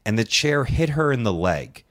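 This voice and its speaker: A man's voice: medium pitch, big pitch swings, moderate pace, fairly bright tone. A man on a casual podcast, telling a rambling story with lots of swearing and acted-out quotes.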